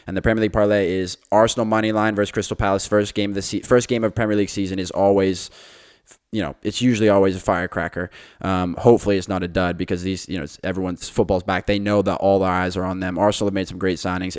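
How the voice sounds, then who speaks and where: A man's voice: sits low, a little mellow, no room sound, studio quality. A man hosting a podcast, giving his betting picks in a confident, chatty monologue to listeners. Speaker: podcast host.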